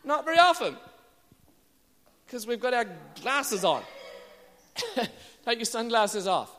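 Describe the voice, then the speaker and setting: A man preaching a sermon, animated and rising to shouted exclamations. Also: very high-pitched, takes it slowly, in a large hall.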